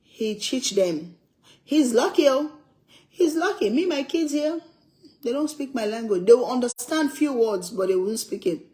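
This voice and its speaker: An older woman from Africa talks casually as she eats, pressing her points through repetition. Her voice sits a little high, and she laughs often as she talks. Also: animated, moderate pace, mellow, poor audio. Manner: emphatic, repeats herself, laughs often. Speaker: cooking vlogger. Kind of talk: casual chat while eating.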